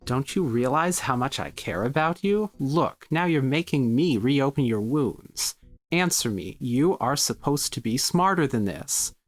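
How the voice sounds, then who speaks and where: A man's voice: medium pitch, animated, a little slow, dry recording, soft background music. A man reading the lines of a stern, controlling holy woman aloud from a visual novel, in a harsh, repetitive scolding tone. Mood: pleading. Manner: repeats accusations, harsh scolding.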